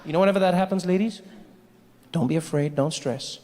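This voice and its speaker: A man's voice: a little high, fairly quick, a little mellow. A man performing a stand-up comedy set on a large stage, telling stories animatedly and jumping into character voices. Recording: stage mic with long hall reverb, faint hiss.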